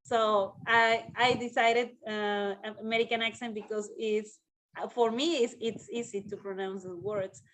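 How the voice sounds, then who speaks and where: Mexican woman host, fairly high voice. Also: unhurried, rough recording. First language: Spanish. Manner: chatty, lively questions, laughs. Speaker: interview host. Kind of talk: casual video-call interview.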